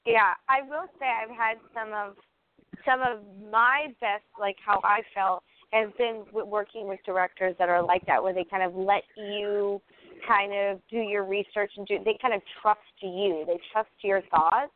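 A woman's voice: mid-range voice, fairly even intonation, a little slow, no echo. A woman hosting a podcast, agreeable and chatty, with frequent "yeah" and "um" fillers. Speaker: podcast host. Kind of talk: casual podcast chat. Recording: tinny dry phone-like line.

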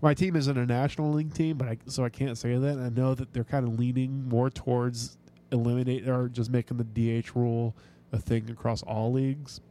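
Mellow-voiced man ranting about sports. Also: medium pitch, level tone, brisk. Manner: ranting, swearing, lots of restarts. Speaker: podcast host. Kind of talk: casual sports chat.

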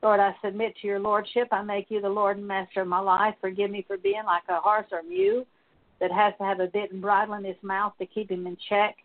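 A woman praying aloud as a minister, leading a spoken prayer of confession as a steady litany of repeated petitions. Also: mid-range voice, brisk. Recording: tinny phone-like sound.

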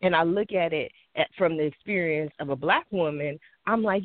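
A woman co-hosting a radio talk show in casual, animated conversation, laughing often and jumping in to clarify. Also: low-pitched, normal speed, hardly any pauses, dry recording. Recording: tinny phone-like, dry.

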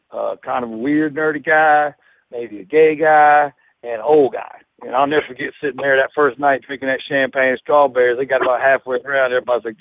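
A middle-aged man with a Southern US twang talks as a guest, rambling and chatty, stacking up fillers and restarts. His voice sits at an ordinary pitch. It comes through a dry, narrow, phone-like line. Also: vocal fry, no room sound. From Florida. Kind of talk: casual chat.

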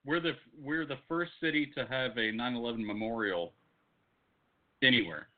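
A man from Texas chatting on a podcast, with dry, deadpan dark humor. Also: medium pitch, moderate pace. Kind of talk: casual chat. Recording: tinny phone-like audio.

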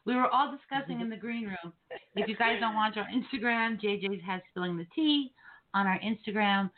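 A woman with a New Jersey accent hosting a podcast, animated and teasing as she chats with her guests. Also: mid-range voice, a crowd in the background. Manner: animated, quick to laugh, teasing. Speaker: podcast host. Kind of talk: casual podcast interview. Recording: phone-like band-limited audio.

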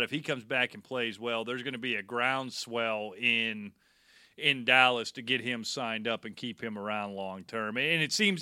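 Male podcast co-host, very bright tone, dry close sound, wry teasing banter. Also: mid-range voice, no echo. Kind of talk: casual sports chat.

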